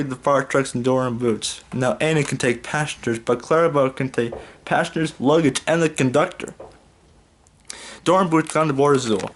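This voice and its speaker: A young man reading a fan fiction story aloud in a casual, unpolished way. His pitch sits mid-range for a man, and he stumbles and restarts between phrases. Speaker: YouTube fan fiction reader. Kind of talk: casual read-aloud narration.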